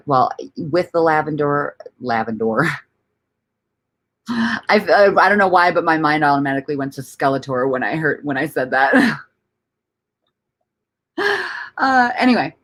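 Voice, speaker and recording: Low-pitched woman, lively intonation, rambling livestream host, laughs and swears a lot. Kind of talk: casual livestream chat reading comments.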